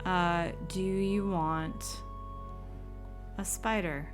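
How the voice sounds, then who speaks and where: A woman's voice: fairly low pitch, steady tone, drawn-out words, music in the background. Woman reading game text with wry asides. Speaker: game streamer. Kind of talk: retro game playthrough, reading game text aloud.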